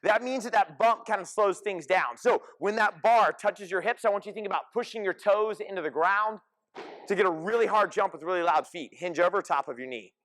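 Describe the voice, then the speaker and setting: A fitness coach with a high-pitched male voice leads a group class. He talks in short, energetic commands and calls out cues as his class moves. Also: brisk. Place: gym class.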